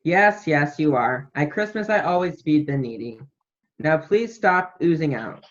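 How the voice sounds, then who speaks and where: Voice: mid-range voice, expressive, unhurried, close to an everyday voice. A student actor playing an irritable, bossy invalid host in a school play over a video call, imperious and snappish. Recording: dull lo-fi video call audio.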